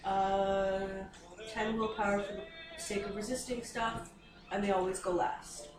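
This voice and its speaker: A woman's voice: medium pitch, level tone, unhurried. A woman at a game table, reading out game stats in a casual way. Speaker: player. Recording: distant from the mic in an echoey room with music.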